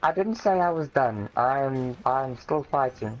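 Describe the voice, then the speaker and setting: A man's voice: medium pitch, expressive, measured pace, highs cut off. A teenage boy, co-hosting a casual podcast chat, rambling and correcting himself as he jokes. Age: teens. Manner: rambling, self-correcting, joking. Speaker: podcast host.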